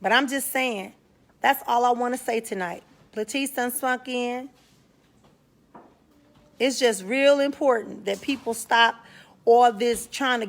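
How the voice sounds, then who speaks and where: Frank, slangy woman hosting a live talk. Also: on the high side. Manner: frank, slangy, greets viewers by name mid-sentence. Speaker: spiritual talk show host. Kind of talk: casual live-stream talk to viewers.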